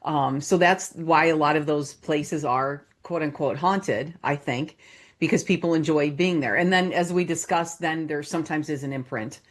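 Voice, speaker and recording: Low-voiced female host, conversational. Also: moderate pace. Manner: conversational, musing. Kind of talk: casual interview chat.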